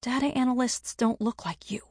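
A woman narrator voicing a quirky, candid young woman analyst who says her thoughts out loud, a little flustered. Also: fairly high pitch, fairly even intonation, normal speed, slightly rough, no echo, studio quality, pitched above the performer's own voice.

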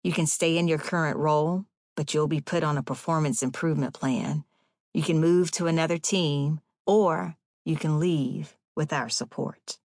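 A curt, scripted male boss gives his verdict in quick, flat, businesslike words, as a woman reads him in her own low voice. The sound is dry and close, with no room around it. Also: no echo. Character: brisk male corporate boss, cold and scripted.

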